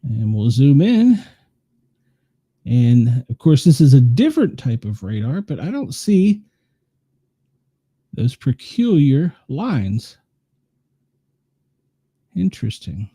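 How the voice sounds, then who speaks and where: A man's voice: medium pitch, big pitch swings, slow pace, pauses often, warm tone, husky, dry recording, clean studio sound. A man with a Tennessee accent hosting his show, rambling through live weather radar in casual chat and poking fun at himself. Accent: Tennessee Southern. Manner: rambling, self-mocking, thinks aloud while clicking around. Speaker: show host.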